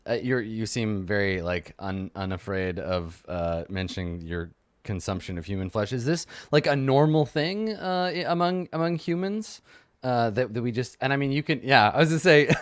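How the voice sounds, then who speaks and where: A man as game master asking players about their characters, halting with frequent restarts. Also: mid-range voice, animated, smooth, dry recording. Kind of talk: running a tabletop game over a stream.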